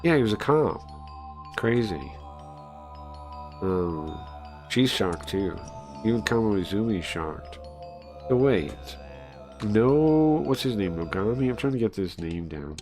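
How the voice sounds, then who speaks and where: Low-voiced excitable male streamer. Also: slow, pauses often, soft background music. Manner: chatty and easily excited, thinking aloud with many ums. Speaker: streamer playing and reading a story game. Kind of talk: casual live-stream commentary.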